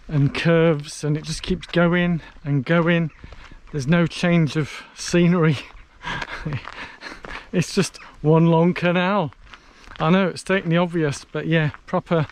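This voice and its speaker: A fairly high-voiced man vlogs as he walks a long towpath in the heat, chatty and self-mocking, tired from hours on his feet. He thinks aloud with fillers and asides. Faint outdoor noise sits under his voice. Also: little pitch movement, slow. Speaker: vlogger on a long charity walk. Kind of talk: casual walking vlog, talking to camera. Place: outdoors on a canal towpath in hot sun.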